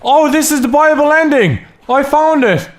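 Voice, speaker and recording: An Irish man playing a video game with friends, shouting and swearing in casual chat. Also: extremely high pitch, normal speed. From Ireland. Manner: loud, swearing, yelling and squealing. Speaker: gaming YouTuber. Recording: game music over the voice.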